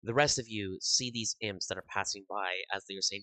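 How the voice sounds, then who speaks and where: A man narrating as game master of a tabletop game, halting and filling pauses with uhs. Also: on the low side, steady tone, pushed and bright, no room sound. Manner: halting, full of uhs and restarts.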